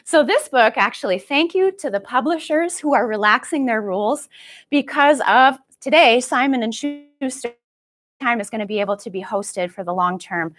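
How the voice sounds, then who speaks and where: A woman's voice: on the high side, lively intonation, moderate pace, a bit bright. A woman leading a live-streamed baby storytime as a children's librarian, talking sing-song and playful, making animal sounds, heard through a camera across the room.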